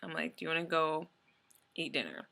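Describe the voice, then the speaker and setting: A young woman vents in a casual vlog and rambles through an exasperated story, full of fillers. Her voice is bright with a gravelly edge and sits slightly low. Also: a little fast. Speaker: vlogger.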